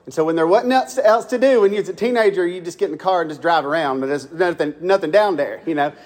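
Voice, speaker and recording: A man's voice: fairly high pitch, fast. A young man with a Southern accent from Mississippi, preaching a folksy storytelling sermon and asking the congregation questions.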